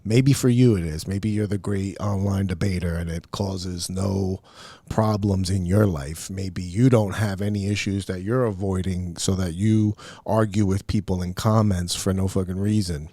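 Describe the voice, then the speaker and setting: Man, podcast host, rambling profane rant, low voice, dry close sound. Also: steady tone, moderate pace, dark tone, dry recording. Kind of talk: casual solo podcast monologue.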